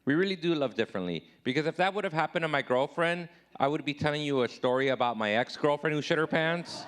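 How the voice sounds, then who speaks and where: A man in his thirties performing a live stand-up comedy set, self-deprecating, jumping high and loud when he acts out his own replies. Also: expressive, fast talker, few pauses.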